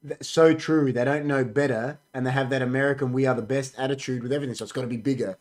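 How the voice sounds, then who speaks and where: A man's voice: medium pitch, fairly even intonation, fast talker, darkish tone. A young Australian man co-hosting a casual podcast chat, talking emphatically and ending boasts with "bro". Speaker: podcast co-host.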